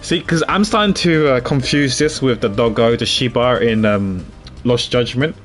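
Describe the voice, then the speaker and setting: A man's voice: medium pitch, normal speed, faint music behind. A man streaming a game, chatting casually with his viewers and thinking aloud as he plays. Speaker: gaming streamer. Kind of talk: casual gameplay commentary.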